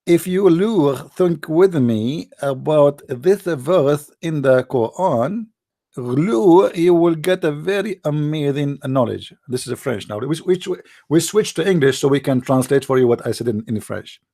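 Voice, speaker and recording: A man playing a gravelly, boastful mock preacher. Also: on the high side, lively intonation, measured pace, dark tone, exaggerated voice. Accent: Arabic. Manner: rambling, boastful, mock-solemn. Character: mock-pompous self-styled male preacher, middle-aged. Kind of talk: satirical livestream monologue.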